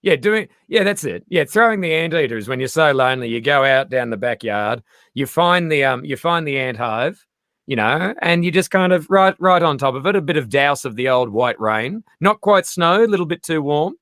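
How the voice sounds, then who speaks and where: Aussie bloke riffing on stories, voice swoops up and down, dry close sound. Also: male voice, a little high, normal speed, dry recording. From Australia. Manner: animated storyteller, acts out quoted voices. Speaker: comedian guest. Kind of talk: casual chat.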